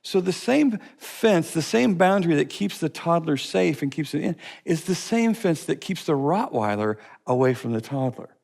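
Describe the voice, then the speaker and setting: A man's voice: a little high, sing-song, moderate pace, gravelly, hardly any pauses, darkish tone. A man teaching a course session, speaking emphatically with repetition and stories. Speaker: teacher of a life-skills course. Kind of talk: teaching talk to a class.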